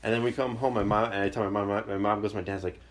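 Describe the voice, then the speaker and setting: A man in casual podcast chat, telling an embarrassing story and shouting loud impressions of his angry father. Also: lowish voice, steady tone, rapid-fire.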